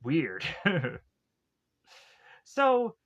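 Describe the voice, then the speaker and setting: Young male reviewer, a little high, loose and jokey, chatty scene-by-scene recap. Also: huge pitch swings, drawn-out words, a bit bright, slightly rough, dull audio. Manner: rambling, jokey, laughs at his own jokes. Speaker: movie reviewer. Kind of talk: casual comedic recap with goofy quoted asides.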